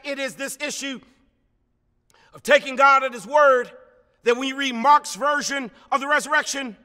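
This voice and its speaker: Male preacher, sermon delivery: very high, slow, shouted refrains ringing through a reverberant sanctuary. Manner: drops to slow, hushed phrases between climaxes. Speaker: pastor. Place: church sanctuary.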